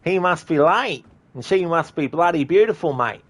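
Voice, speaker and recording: A man's voice: fairly high pitch, expressive, normal speed, a little hiss or hum, voice pushed up, natural voice. A man voicing a rowdy, swearing Australian bloke bystander in a put-on Australian accent. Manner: loud, swearing, slangy exclamations.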